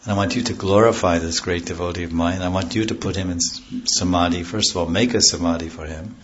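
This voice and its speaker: Low-voiced man giving a rambling devotional talk. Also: fairly even intonation, fast talker, muffled recording, a little hiss or hum. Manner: rambling, digresses into stories and loses the thread; explains chanted scripture terms in plain words. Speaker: spiritual teacher. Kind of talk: devotional lecture to a class.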